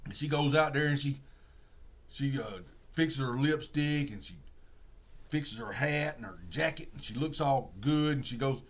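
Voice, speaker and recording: A man's voice: medium pitch, a little slow. A man, casually retelling a movie plot in a rambling, drawling way, full of restarts. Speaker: streamer.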